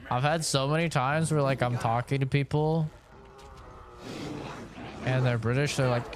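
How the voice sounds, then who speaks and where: A man's voice: mid-range voice, steady tone, unhurried, music in the background. A man streaming a video game, joking sarcastically and swearing freely as he plays. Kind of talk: casual gameplay commentary.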